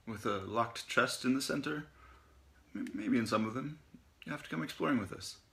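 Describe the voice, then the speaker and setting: A man's voice: mid-range voice, normal speed, creaky, a bit bright, voice pushed up. A man voicing a breezy young boy coaxing his friend to come along.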